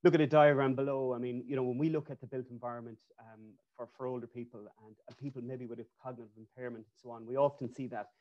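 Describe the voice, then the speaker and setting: A man's voice: medium pitch, fairly even intonation, fast, few pauses. A man, an architect, giving a loose, conversational webinar presentation over a video call, with frequent restarts and fillers. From Ireland. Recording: dull lo-fi call audio.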